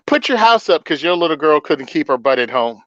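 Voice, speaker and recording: A man's voice: fairly high pitch, bright, forceful tone, no room sound, lo-fi sound. A man hosting a casual political chat, blunt and sarcastic, often laughing at his own points. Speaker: podcast host.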